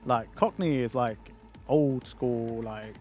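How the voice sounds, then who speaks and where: A man's voice: medium pitch, slow, darkish tone, soft background music. A man with a London accent chatting casually and swearing freely as he streams a game and answers chat. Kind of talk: casual chat while gaming.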